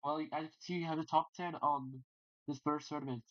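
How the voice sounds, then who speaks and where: Hoarse, excitable streamer man. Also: on the high side, brisk, highs cut off. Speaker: streamer reacting to competition videos. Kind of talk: live-stream commentary.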